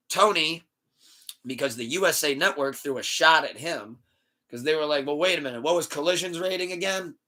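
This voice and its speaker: Podcast host, male, animated ranting storyteller with a bright, sharp tone, casual chat. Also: a little high. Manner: animated, swearing, storytelling rant.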